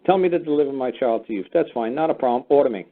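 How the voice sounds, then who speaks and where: Blunt, fast-talking male radio host. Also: mid-range voice. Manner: blunt, profane and lecturing. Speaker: call-in show host. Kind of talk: call-in radio talk. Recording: phone-like narrow sound.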